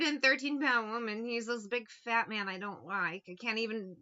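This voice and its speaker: A woman with a very bright, high-leaning voice talks bluntly and swears freely, telling anecdotes as a tarot reader. The recording is dull and lo-fi. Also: moderate pace. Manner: blunt and profane, tells anecdotes. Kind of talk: casual straight-to-camera monologue.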